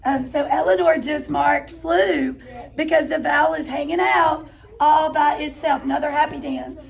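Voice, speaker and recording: A woman's voice: high-pitched, steady tone, gravelly. A woman teacher leading a phonics lesson in a classroom, calling out each step to the children in an encouraging way. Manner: slow, encouraging, calls out steps to children.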